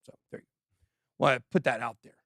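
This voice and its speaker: A man hosting a crypto livestream in a studio. He does casual commentary in an animated, joking way and talks straight to his viewers. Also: mid-range voice, fast talker, creaky, no echo. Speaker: crypto channel host.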